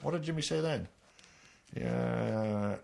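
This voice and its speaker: A man reading a story aloud on a podcast, relaxed and chatty. His pitch sits in the middle range for a man. He breaks off now and then to chat in the same easy tone. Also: slow, vocal fry. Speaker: podcast host.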